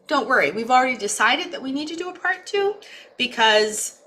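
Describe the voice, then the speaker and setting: Chatty woman hosting a wellness livestream, bright voice, talks a lot and laughs easily. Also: high voice, lively intonation, fairly quick, a little hiss or hum. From East Coast of the United States. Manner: chatty, talkative, laughs often. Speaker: wellness program host. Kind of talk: casual livestream introduction.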